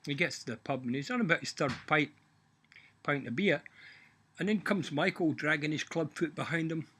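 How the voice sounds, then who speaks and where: A man's voice: a little high, moderate pace, a bit bright, breathy edge. A half Irish, half Scottish man casually telling a joke, swearing and folksy. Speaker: joke teller. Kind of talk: casual storytelling.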